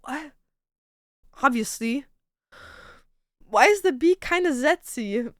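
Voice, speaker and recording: A woman's voice: high voice, lively intonation, slow pace, fairly bright tone, no echo, studio quality. A young woman streamer in casual chat, goofy and swearing freely as she tries out silly voices and animal sounds. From Canada.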